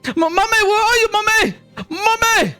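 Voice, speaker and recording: A man's voice: very high voice, animated, normal speed, sharp tone, faint music behind, voice pushed up, exaggerated voice. A man voicing a frantic little boy crying out for his mother in a tabletop game. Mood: panicked.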